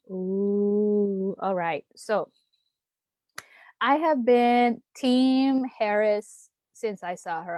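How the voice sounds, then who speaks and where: Streaming live from her home, a woman running for office holds a casual town hall, chatty and heartfelt with lots of filler words. Her voice sits at medium pitch with a darkish tone.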